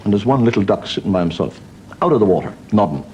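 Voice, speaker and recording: A man's voice: fairly low pitch, very animated, quick pace, darkish tone, lo-fi sound, slight background noise. A man, a wry comedian telling jokes and stories. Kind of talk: stand-up storytelling.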